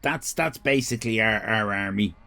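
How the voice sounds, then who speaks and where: An Irish man hosting a live stream, chatting casually with viewers, swearing and joking in animated rants. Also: on the low side, moderate pace, gravelly. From Ireland. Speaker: livestream host.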